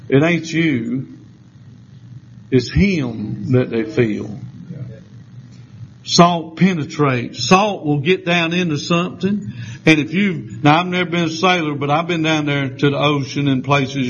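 Folksy Southern preacher man, high voice. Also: dull audio, a little hiss or hum. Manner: folksy storytelling, drawling, chuckling. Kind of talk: folksy sermon.

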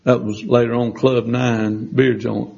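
A man's voice: mid-range voice, flat delivery, a little slow, creaky, darkish tone, husky. A man preaching a sermon, telling a personal testimony in a folksy way, with restarts and acted-out quoted voices. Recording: dull lo-fi sound.

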